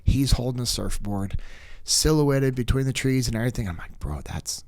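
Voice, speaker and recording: As a guest in a podcast studio, a man tells a personal story in casual chat, animatedly acting out what people said and using lots of fillers. He speaks at normal speed and medium pitch, with no room sound.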